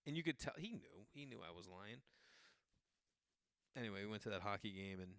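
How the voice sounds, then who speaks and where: A man from the Boston area hosting a podcast, telling casual comic stories in an animated, chatty way. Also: fairly low pitch, fast talker, creaky, long pauses, no room sound, studio quality. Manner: animated, jumps into quoted voices, loose and chatty. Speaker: podcast host.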